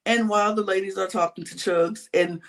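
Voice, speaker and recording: Animated man recapping reality TV, slightly high voice. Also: a little fast, vocal fry. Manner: animated storyteller with casual slang. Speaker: podcast co-host. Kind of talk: casual reality-TV recap chat.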